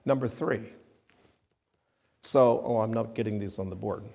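A man's voice: fairly low pitch, measured pace, gravelly, a little mellow, slight background noise. A man preaching a sermon with emphatic, rising and falling delivery. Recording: long reverb of a hall.

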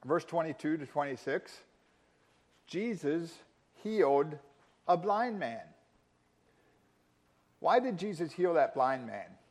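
A man preaching a sermon, emphatic, with dramatic pauses and rising intensity in quoted lines. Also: on the high side. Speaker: pastor.

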